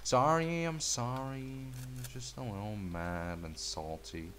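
A man's voice: lowish voice, expressive, slow, slight background noise. A man giving casual gameplay commentary, laid-back and mumbly, trash-talking and swearing at the game.

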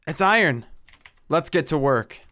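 A man's voice: fairly high pitch, bright, forceful tone. A man doing comedic game commentary, complaining in a whiny, exasperated way. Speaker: gameplay skit narrator.

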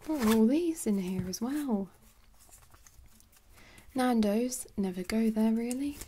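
A woman chatting in a soft, rambling way for ASMR, moving between quiet speech and whispers and making jokes. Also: a little high, slow pace, a little hiss or hum. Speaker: ASMR creator.

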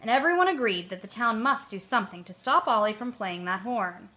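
A woman storyteller reading a children's story aloud in a gentle, expressive way. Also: on the high side, a little fast.

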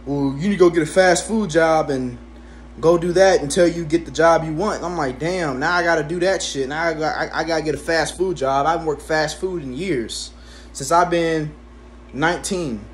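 Profane, high-pitched young man ranting. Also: moderate pace. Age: 20s. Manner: profane, animated storytelling with sudden high-pitched exclamations. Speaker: vlogger. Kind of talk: casual storytime rant. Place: at home.

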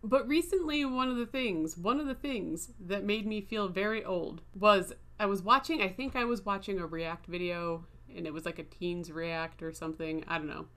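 A woman in her thirties, a video creator, narrates a casual vlog with a medium-pitched, fairly bright voice. Her story rambles and pokes fun at herself, and she laughs as she chats.

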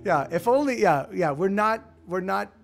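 A man's voice: high-pitched, expressive, normal speed, vocal fry, over music. A man hosting a casual live stream, telling rambling, profane stories with lots of restarts.

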